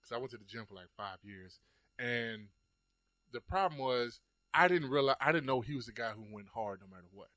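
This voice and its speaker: A man's voice: mid-range voice, a little fast, no room sound. Swearing man telling a fight story. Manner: animated storytelling, acts out his own past lines, swears often. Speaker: host. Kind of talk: casual chat.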